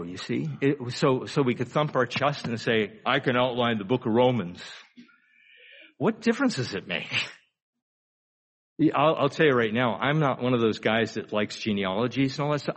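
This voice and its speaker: This older man, a pastor, has a husky, mid-range voice. His sermon is casual and chatty, peppered with rhetorical questions, and he lingers on key phrases to emphasize them.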